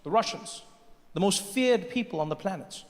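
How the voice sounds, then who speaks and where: A man from Africa doing stand-up, telling stories with animated energy and jumping into put-on voices. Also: high-pitched, normal speed. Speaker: stand-up comedian. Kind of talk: stand-up storytelling. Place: large comedy venue. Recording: live comedy hall with long reverb.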